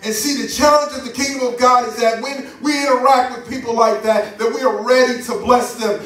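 Male pastor, high voice, fervent sermon delivery; echoey sanctuary, distant pickup. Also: fairly bright tone. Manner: fervent preaching with call-and-response from the congregation. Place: church sanctuary. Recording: echoey church sound from a distance.

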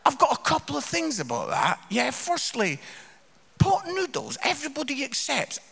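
A man in his fifties telling comic stories as a guest speaker, animated and exclaiming, recorded in a reverberant church hall. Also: extremely high pitch, moderate pace, creaky. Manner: animated, exclaiming, mimicking voices. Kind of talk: comic storytelling sermon.

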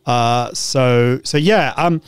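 British male host, chatty and upbeat, smooth clear voice, dry close sound, mid pitch. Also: slow, no room sound. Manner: chatty, upbeat, frequent restarts and ums. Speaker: live show host. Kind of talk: casual live-stream tutorial.

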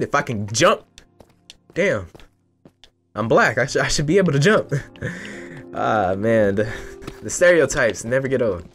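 Lively young man joking through gameplay. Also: medium pitch, normal speed, pauses often, soft background music. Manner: animated and joking, swears freely, bursts into excited yelps; chatty, talks straight to viewers. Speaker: gaming YouTuber. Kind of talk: casual gameplay commentary.

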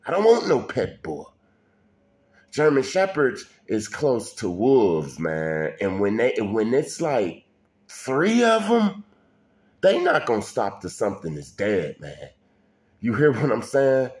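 Slow-talking man telling a story. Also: mid-range voice, wildly swooping pitch, darkish tone. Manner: colloquial, addresses listener directly, frequent restarts. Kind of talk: casual personal storytelling.

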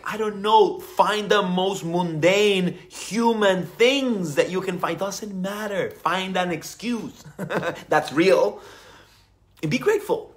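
A man's voice: high-pitched, takes it slowly. A man speaking as a spiritual teacher in an emphatic, playful motivational talk, repeating phrases for emphasis.

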